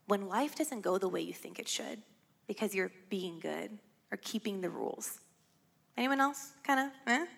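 A woman whose first language is Farsi delivers a sermon with a bright, clear tone. Her talk is conversational, often checking in with her listeners with a quick tag question. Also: medium pitch. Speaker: preacher. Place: church.

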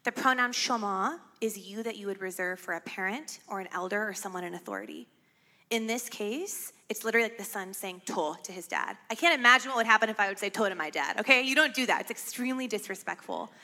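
A woman whose first language is Farsi delivers a sermon with a bright, clear tone. Her talk is conversational, often checking in with her listeners with a quick tag question. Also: mid-range voice. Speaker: preacher. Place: church.

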